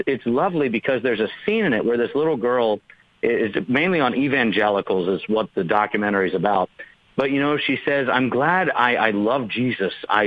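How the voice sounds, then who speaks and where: A man's voice: medium pitch, no room sound, lo-fi sound. A man, a pastor, explaining theology in an earnest, emphatic way during a podcast discussion.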